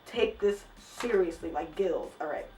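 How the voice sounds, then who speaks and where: A woman's voice: on the low side, lively intonation, normal speed, darkish tone, recorded from a distance, soft background music. A young woman reacting to book passages in a vlog, with exasperated, incredulous commentary. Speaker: book vlogger. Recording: echoey room, a little off-mic.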